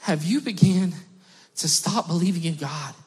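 High-voiced, husky impassioned preacher man. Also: moderate pace. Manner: impassioned, building to near-shouting. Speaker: pastor. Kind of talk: sermon. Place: church service.

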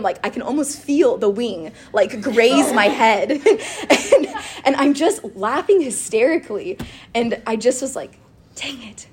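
A woman chatting casually about faith and telling a personal story, animated and quick to laugh, with lots of "like". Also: a little high, breathy edge. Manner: animated and giggly, with frequent laughter and filler "like".

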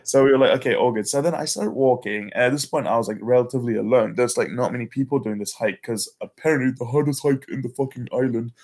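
A young man telling friends a wild hiking story in casual chat, animated, swearing often and saying "bro" and "like". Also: mid-range voice, quick pace, few pauses.

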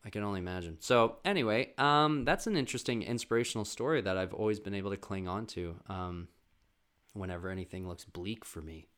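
A man hosting a podcast, telling family stories in a loose, rambling monologue. He swears freely and often restarts his sentences. His voice sits somewhat low but has a bright, forward edge. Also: a little fast. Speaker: podcast host. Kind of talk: casual storytelling monologue.

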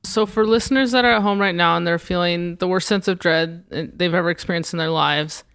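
A woman co-hosting a comedy podcast, trading dry, deadpan wisecracks in casual banter. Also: lowish voice, fairly quick, vocal fry, smooth, no room sound. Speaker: podcast co-host.

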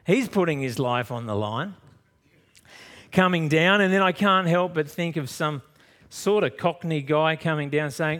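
Aussie pastor preaching, storytelling, goes loud then drops quiet, voice a bit high. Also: male voice, unhurried. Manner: lively storytelling, swings from loud to soft. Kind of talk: sermon.

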